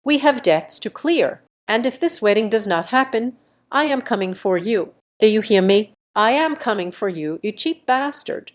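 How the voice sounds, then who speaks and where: A woman voicing a loud, shrill, aggressive middle-aged woman who screeches threats on a voicemail. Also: animated, normal speed, lightly acted. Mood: furious.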